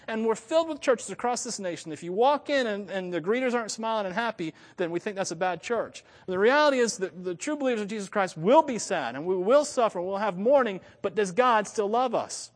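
A man from North America preaching with a voice that sits a little high for a man. He swings between loud, emphatic lines and hushed ones, laughing at himself now and then. His voice rings out into a hall with a long reverb. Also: lively intonation, fast talker, hardly any pauses. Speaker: pastor. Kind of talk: sermon.

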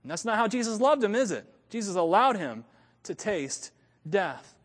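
A man from North America preaching with a voice that sits a little high for a man. He swings between loud, emphatic lines and hushed ones, laughing at himself now and then. His voice rings out into a hall with a long reverb. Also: big pitch swings, moderate pace. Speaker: pastor. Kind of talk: sermon.

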